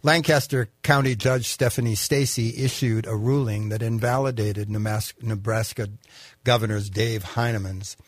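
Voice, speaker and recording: A man co-hosting a radio talk show, reading news and commenting in a halting way with fillers. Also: lowish voice, steady tone, no echo. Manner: halting, with fillers and restarts when speaking freely. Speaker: radio co-host.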